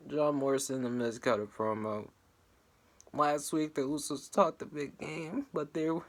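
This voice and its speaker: A young man talking casually as he recaps and reacts to a wrestling show, now and then breaking into a high, wailing mock-cry. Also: moderate pace, creaky, fairly bright tone.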